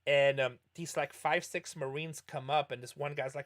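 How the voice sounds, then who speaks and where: Answering viewer questions during a poker livestream, this middle-aged man rambles and keeps correcting himself as he tells stories. He speaks at a moderate pace in a slightly high, somewhat bright voice with fairly even intonation.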